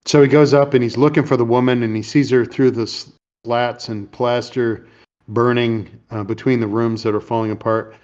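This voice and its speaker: A man's voice: mid-range voice, steady tone, a little mellow, highs cut off. A man hosting a casual chat, retelling movie scenes in a rambling way and briefly voicing the characters. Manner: rambling, retells scenes with quick put-on lines. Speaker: podcast host.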